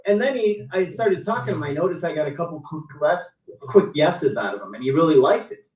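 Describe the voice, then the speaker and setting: A middle-aged man spins car sales stories in a casual, animated way, his voice pitched fairly high and swinging widely as he acts out his customers. He sounds roomy and a bit distant from the mic, as on a video call. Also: brisk. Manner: animated storyteller acting out customers' lines. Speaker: car sales veteran, show co-host. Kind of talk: casual storytelling on a live stream.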